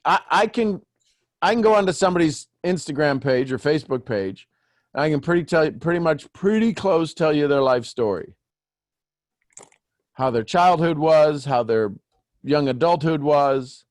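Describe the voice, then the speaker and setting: A man's voice: fairly high pitch, unhurried, pauses often, dry recording, studio quality. A man hosting a live group coaching call on video, joking with his listeners and walking them through questions step by step. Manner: animated, teasing, questioning step by step. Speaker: host coaching callers.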